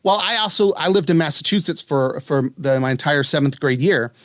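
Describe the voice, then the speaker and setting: A man's voice: a little high, a little fast, no room sound, studio quality. A man from West Virginia hosting a podcast, chatting casually and amusedly, spelling words out letter by letter. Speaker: podcast host. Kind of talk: casual chat.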